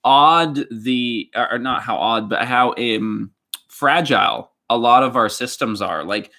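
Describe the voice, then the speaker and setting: A man's voice: medium pitch, unhurried, pushed and bright. Laid-back Canadian man chatting on a livestream. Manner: rambling, laid-back, many fillers and restarts. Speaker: livestream co-host. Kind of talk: casual livestream chat.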